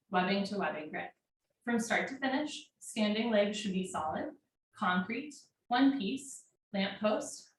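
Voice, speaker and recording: A woman teaching a live yoga class from home, calling out poses in steady, directive short commands. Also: medium pitch. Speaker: yoga instructor. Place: home room. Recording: very echoey room, mic far off, faint noise.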